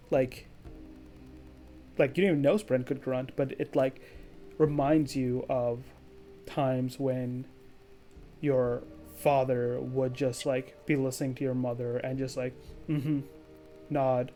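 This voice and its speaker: Mellow-voiced man game master. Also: medium pitch. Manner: casual, many "like"s. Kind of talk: narrating a tabletop game.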